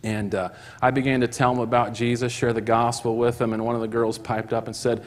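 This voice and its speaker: A man preaching a sermon in church, telling a story and acting out the voices of the people in it with rising excitement. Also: mid-range voice, brisk, hardly any pauses. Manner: acts out quoted voices, rising to excited shouts. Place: church hall. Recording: long hall reverb.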